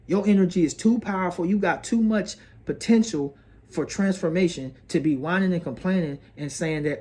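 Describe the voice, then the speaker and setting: In an astrology video he hosts, a man with a higher-leaning, darkish voice talks at a normal speed. The monologue is motivational, earnest, and preachy, with repeated phrases and frequent "bro" and "sis" aimed at the listener.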